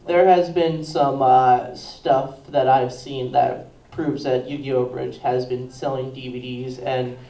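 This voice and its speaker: A man on a convention panel speaking hesitantly, pausing with fillers. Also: medium pitch, flat delivery, warm tone. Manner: hesitant, lots of uh. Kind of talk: casual panel talk. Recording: roomy hall from far off.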